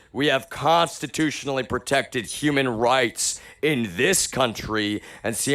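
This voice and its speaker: Low-voiced man ranting at his stream. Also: fairly bright tone. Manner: agitated, repetitive, swears often, calls listeners y'all. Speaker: livestreamer. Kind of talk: ranting monologue to a live chat.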